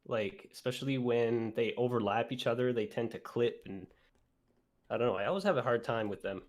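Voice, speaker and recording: A man chatting casually as a guest on a livestream, relaxed and hesitant, filling his talk with "like". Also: medium pitch, brisk. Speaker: guest co-streamer. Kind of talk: casual chat.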